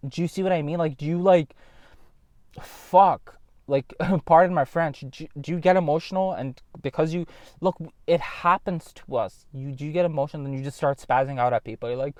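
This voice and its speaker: A man's voice: on the high side, normal speed, darkish tone, no echo. A man in a casual vlog monologue, talking bluntly and rambling, swearing often and addressing viewers directly. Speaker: vlogger.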